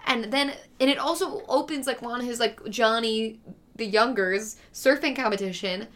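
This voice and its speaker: A woman's voice: a little high, moderate pace, a bit bright. A young woman co-hosting a podcast, chatting casually and sarcastically about a movie and swearing freely. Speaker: podcast co-host. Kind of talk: casual chat reviewing a movie.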